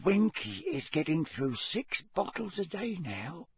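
A squeaky, devoted little house elf. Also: male voice, very animated, husky, no room sound, exaggerated voice. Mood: sad, hushed. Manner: high, slow and pleading, speaks of himself by name. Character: small excitable male house elf, devoted and tearful. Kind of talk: audiobook character voice.

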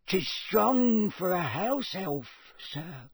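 A squeaky, devoted little house elf. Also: male voice, sing-song, slightly rough, no room sound, full character voice. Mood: sad, hushed. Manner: high, slow and pleading, speaks of himself by name. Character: small excitable male house elf, devoted and tearful. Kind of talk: audiobook character voice.

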